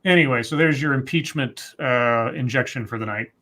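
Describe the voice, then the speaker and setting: A man's voice: mid-range voice, normal speed, sharp tone. A man co-hosting a livestream, reading news articles aloud and breaking in with asides and self-corrections. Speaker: co-host.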